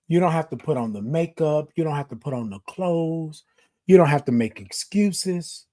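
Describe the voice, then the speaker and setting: A man's voice: mid-range voice, expressive, moderate pace, a little mellow. A man hosting a motivational livestream, talking straight to his viewers with repetitive, emphatic affirmations. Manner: talks directly to viewers. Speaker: host.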